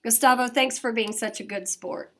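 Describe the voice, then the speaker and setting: Brief: middle-aged female teacher, high voice, brisk classroom delivery, quizzes the kids. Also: fairly even intonation, slight background noise. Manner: brisk, coaxing questions to the class. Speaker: elementary school teacher. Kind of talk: classroom math lesson.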